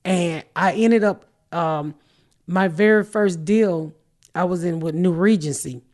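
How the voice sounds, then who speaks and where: A middle-aged woman, hosting a podcast and telling profane, animated stories in casual chat. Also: lowish voice, measured pace. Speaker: podcast host and comedian.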